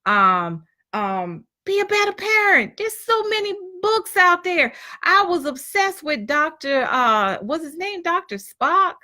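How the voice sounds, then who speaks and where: A woman's voice: very high-pitched, big pitch swings, unhurried, hardly any pauses, bright, forceful tone. A woman giving a blunt, preachy motivational talk to women, acting out the complaints she hears from people. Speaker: motivational speaker.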